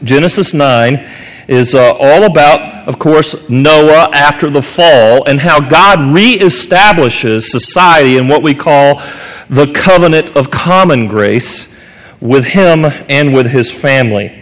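A pastor from North Carolina preaching a sermon, telling a story earnestly and rising in pitch at the dramatic moments. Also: male voice, takes it slowly, a bit bright. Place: church sanctuary. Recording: long reverb of a church hall.

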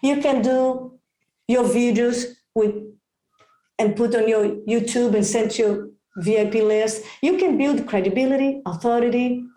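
A woman working as a real estate agent, giving expressive, excitable advice in an interview. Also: on the high side, a little slow, reverberant. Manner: expressive, excitable, many exclamations.

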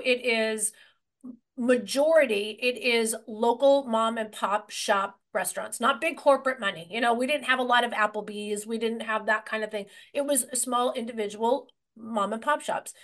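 A woman's voice: a little high, moderate pace. A woman in her forties, a real estate agent, telling her story in an interview with lots of restarts and energy. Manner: energetic and rambling, many restarts.

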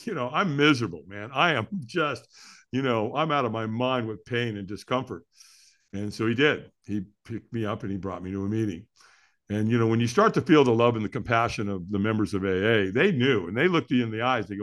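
A man's voice: medium pitch, brisk, a bit bright. Middle-aged man, mid-range voice, candid storyteller with lots of restarts, podcast guest. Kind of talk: personal story in a podcast interview.

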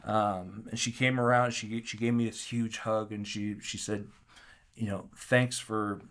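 A man telling a story as an interview guest, animated and acting out the quotes, with frequent restarts. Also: on the low side, unhurried. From Kansas City area.

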